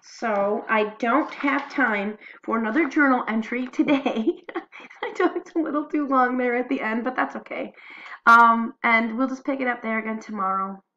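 A woman's voice: a little high, moderate pace, bright, forceful tone, highs cut off, a little hiss or hum. A woman teacher reading diary entries aloud in an earnest way, then talking loosely about them with plenty of fillers.

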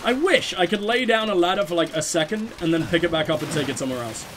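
A man's voice: fairly high pitch, expressive, quick pace, noisy background. A man casually commenting on his gameplay, talking to himself and swearing at the game in exasperation. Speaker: let's play host.

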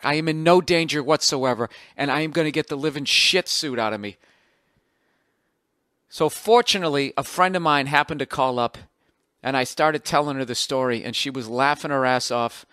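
American podcast host, forties, profane self-mocking storyteller, slightly high voice. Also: male voice, a bit bright, dry recording, studio quality. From United States. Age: 40s. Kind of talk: casual storytelling monologue.

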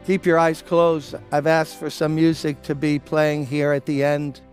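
Earnest older pastor, higher voice. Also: male voice, little pitch movement, measured pace, faint music behind. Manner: earnest, pleading, direct to listeners. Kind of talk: sermon with altar-call prayer.

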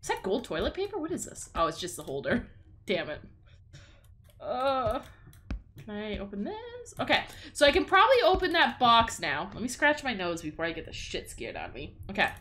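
A woman's voice: a little high, wildly swooping pitch, normal speed, a bit bright. A young woman streaming a horror game, jumpy and tense, swearing and talking to herself and her chat. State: tense and sweaty. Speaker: gaming streamer. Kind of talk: horror game playthrough commentary.

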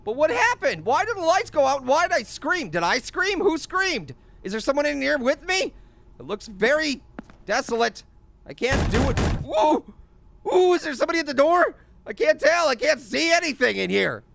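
A man's voice: big pitch swings, moderate pace, a bit bright, full character voice. A man voicing a hyper, wisecracking male talking orange who rambles through a video game in cartoon commentary. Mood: alarmed. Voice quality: squeaky, gravelly. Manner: rambling, exclaiming, self-talking. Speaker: gaming host. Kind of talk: cartoon let's play commentary.

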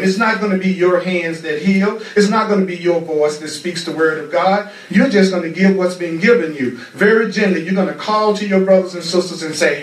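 A man's voice: high-pitched, brisk, few pauses. A man teaching a spiritual class with a fervent, repetitive preaching cadence. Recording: roomy echo, far from the mic.

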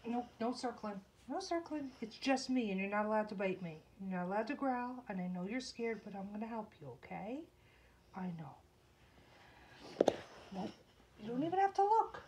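A woman's voice: medium pitch, moderate pace, a little mellow, a little hiss or hum, low-quality recording. A woman talking to her nervous dog at home while trimming its nails, soothing and pleading, sometimes scolding sternly. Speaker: dog owner. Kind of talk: coaxing talk to a pet.

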